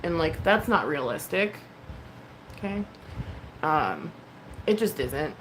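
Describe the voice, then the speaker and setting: A woman in her thirties speaks to her livestream viewers in a low, frank voice, stumbling through likes and ums and swearing without a second thought. The recording carries a clear layer of background noise. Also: very animated, slow, fairly bright tone, rough recording. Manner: candid and emotional, swears freely, many likes and ums. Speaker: livestream host. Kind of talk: casual livestream chat.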